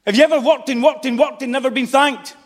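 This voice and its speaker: A man's voice: very high voice, quick pace. A man preaching a fervent sermon in a church hall, pressing his points with repeated calls and exclamations. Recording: long echoing reverb of a large hall.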